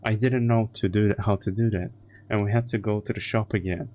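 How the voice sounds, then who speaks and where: A man's voice: fairly low pitch, fairly even intonation, a little fast, darkish tone. A man chatting casually on a live stream, crude and profane as he rambles through anecdotes.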